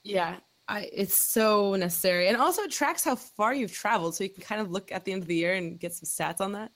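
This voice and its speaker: A woman's voice: mid-range voice, fairly quick. A woman hosting a podcast, chatting in an upbeat way and summing up tips. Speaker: podcast host. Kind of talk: casual podcast chat.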